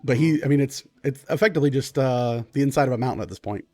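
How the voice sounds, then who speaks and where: A man's voice: medium pitch, fast. Easygoing male game master narrating the scene. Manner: relaxed, loose narration with fillers.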